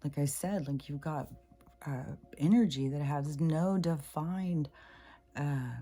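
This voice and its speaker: A low, warm-voiced middle-aged woman tells a personal spiritual story in a loose, rambling way. She swears casually and often jumps high in pitch to act out what others said. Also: slow, husky. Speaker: spiritual vlogger.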